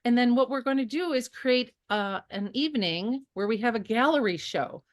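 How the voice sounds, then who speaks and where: A woman photographer, a guest on an interview show, telling stories in a casual, animated way with many fillers and restarts. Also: on the high side, moderate pace, dry recording.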